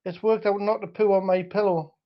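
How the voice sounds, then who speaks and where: Man, Northeast English accent, guest, rambling, high voice, muffled lo-fi sound. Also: steady tone, brisk. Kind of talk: casual chat on a livestream. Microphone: wireless mic.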